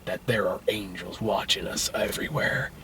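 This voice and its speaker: Man doing a hushed, creepy old ex-con. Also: moderate pace, slightly rough, full character voice. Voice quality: low hushed whisper. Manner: creepy, gentle. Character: creepy soft-spoken older male ex-convict.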